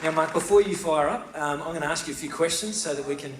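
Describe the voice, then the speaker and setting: A man's voice: fairly high pitch, fast, a little hiss or hum. A man with an Australian accent, hosting an on-stage interview in a large auditorium, matey and bantering. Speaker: host, interviewer. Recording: echoey hall, distant mic, crowd behind.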